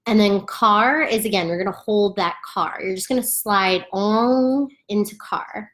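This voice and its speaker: A woman at home walks beginners through a meditation chant, talking casually and demonstrating each sound herself. She is chatty and laughs easily, in a relaxed, unscripted way. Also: mid-range voice, unhurried. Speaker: yoga instructor. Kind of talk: casual instructional talk.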